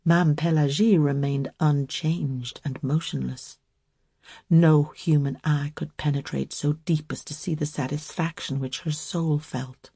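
A woman reading a story aloud as narrator, slow, calm and measured. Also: low voice, husky, no echo, clean studio sound.

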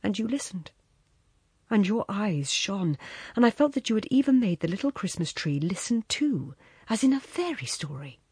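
A woman reads a literary story aloud in a hushed, intimate voice that often drops close to a whisper. Her voice is husky and breathy. Her pitch rises and falls in a lively way, and the sound is close and dry. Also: normal speed, no room sound. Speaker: reader. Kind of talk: literary audiobook narration.

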